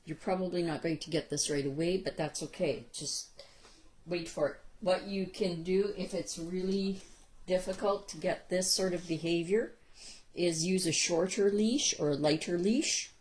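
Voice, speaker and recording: A woman dog trainer explaining steps in a calm, patient way, recorded indoors at home. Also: sits low, poor audio. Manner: calm, patient, slow-spoken, praises the dog softly. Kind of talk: instructional video narration.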